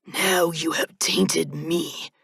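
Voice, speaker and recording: A woman voicing an ancient male reaper in an audiobook, speaking in a slow, strained, dry and cracked monotone whisper. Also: deep voice, creaky, slightly rough, no echo, full character voice. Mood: cold, insistent. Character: ancient male reaper turning human, cold. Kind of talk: audiobook narration.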